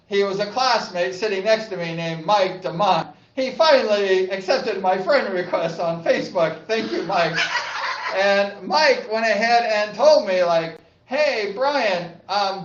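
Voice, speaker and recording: A man's voice: high-pitched, far from the mic. An older man from Southern California telling casual, rambling stories about his past, often saying "like" and laughing. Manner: rambling, says "like" a lot, laughs often, excitable yells. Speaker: vlogger, former speedway rider. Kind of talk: casual reminiscing monologue. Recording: echoey room, slightly dull sound.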